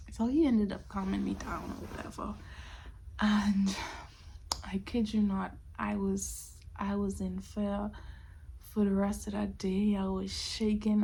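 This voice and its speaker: A woman in her twenties casually telling a personal story on her vlog, expressive and often dropping to a whisper. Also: mid-range voice, creaky, slight background noise. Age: 20s. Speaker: storytime vlogger.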